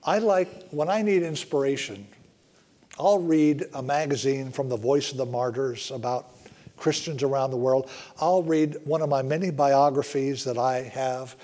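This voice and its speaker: A man preaching a sermon in an earnest way, often slowing down and dropping to a hush for emphasis. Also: medium pitch. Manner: earnest, slows and softens for emphasis. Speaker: pastor.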